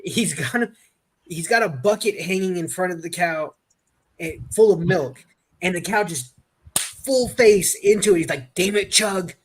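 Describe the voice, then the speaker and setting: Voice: mid-range voice, animated, a little slow, slight background noise. A stream panelist in casual chat, telling stories in a rambling way and restarting sentences.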